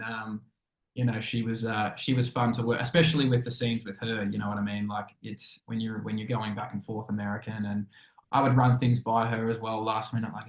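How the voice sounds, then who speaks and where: In an echoey room, a male Australian actor appearing as an interview guest rambles through casual stories with a mid-range voice. He chats freely, leans on lots of fillers, and acts out the lines he quotes.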